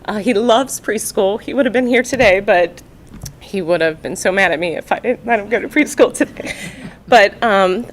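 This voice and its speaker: A woman's voice: mid-range voice, gravelly, a little hiss or hum. Nervous mother testifying at a meeting. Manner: nervous, halting, full of fillers. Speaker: parent giving testimony. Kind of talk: public testimony at a county board meeting. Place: public meeting room.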